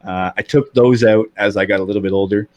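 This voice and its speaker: A man's voice: lowish voice, steady tone, fast, darkish tone, no echo. A man in his thirties with a slight lisp, chatting candidly as a podcast guest, with many fillers and restarts. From Canada. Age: 30s. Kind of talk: casual chat.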